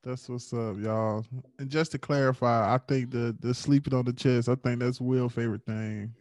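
A man co-hosting a podcast in casual chat, speaking in a measured, reflective way. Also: mid-range voice, fairly even intonation, darkish tone, no echo. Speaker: podcast co-host.

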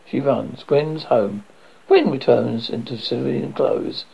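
Gravelly man reading a script aloud. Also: mid-range voice, slow, mellow. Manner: plain reading of the stage directions. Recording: dull lo-fi recording.

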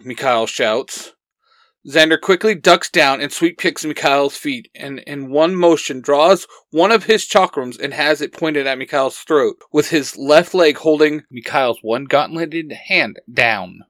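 A man's voice: on the high side, a little slow, fairly bright tone, no echo. A man reading his own fan story aloud, acting out the dialogue earnestly as storyteller.

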